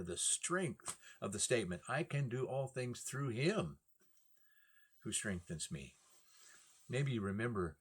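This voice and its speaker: A man's voice: on the low side, slightly rough. A man preaching a sermon, reading scripture and speaking with emphatic, rising and falling delivery and repeated phrases.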